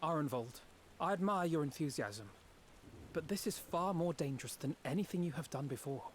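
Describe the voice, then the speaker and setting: A man playing a cautious mentor in a video game, measured and warning. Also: a little high, lively intonation, slight background noise, close to an everyday voice.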